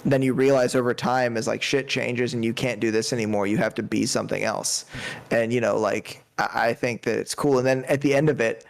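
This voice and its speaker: A man's voice: medium pitch, steady tone, brisk, creaky. A man chatting casually in a music review, enthusiastic and rambling with lots of fillers. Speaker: podcast panelist.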